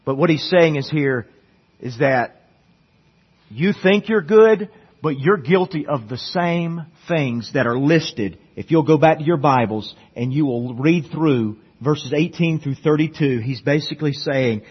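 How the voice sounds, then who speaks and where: A pastor preaches earnestly and without hurry, his slightly rough voice swinging between loud, emphatic peaks and soft, low stretches. He often repeats a word as he begins a line, and the sermon recording sounds dull and lo-fi.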